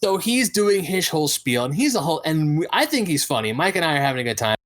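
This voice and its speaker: Animated man telling a story. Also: a little high, quick pace. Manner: animated storyteller, acts out quoted voices. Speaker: podcast co-host. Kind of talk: casual storytelling chat.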